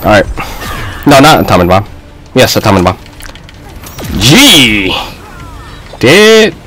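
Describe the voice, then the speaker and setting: Excitable young man yelling at a game. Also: takes it slowly, low-quality recording. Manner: excitable, shouts and trash-talks at the game, swings loud and high. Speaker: gaming YouTuber. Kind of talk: casual gameplay commentary. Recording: faint music behind.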